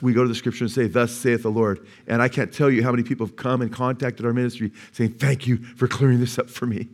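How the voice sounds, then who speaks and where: During a church service, a sixty-year-old male pastor preaches in a mid-range voice. He keeps asking the congregation questions, pauses for their answers, and repeats central phrases for emphasis.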